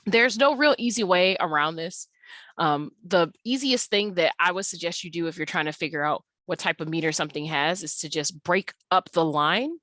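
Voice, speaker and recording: Woman, English teacher, slightly low voice, patient, drags out key words for emphasis; dry webcam lesson. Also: fairly bright tone, dry recording. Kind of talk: recorded online lesson.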